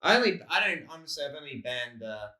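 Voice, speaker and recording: Australian male comic co-host, rambling storyteller, bright voice. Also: on the high side, sing-song, fast talker. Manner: rambling, storytelling with acted-out quotes. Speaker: comedian podcast co-host. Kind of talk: casual chat. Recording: roomy echo.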